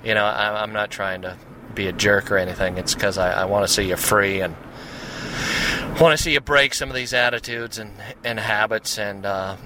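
A man's voice: lowish voice, steady tone, normal speed, noisy background. A man from the Seattle area with an American accent, hosting his podcast in a casual, rambling monologue that wanders off on tangents. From Seattle area, USA. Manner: chatty, wanders off on tangents, many fillers. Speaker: podcast host.

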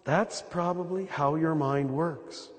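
Throaty American priest in a reverberant hall. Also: male voice, fairly high pitch, takes it slowly, slightly rough. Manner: conversational, repeats key phrases, slips in wry asides. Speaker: priest giving a talk. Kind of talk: spiritual talk to a live audience. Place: large hall with a live audience.

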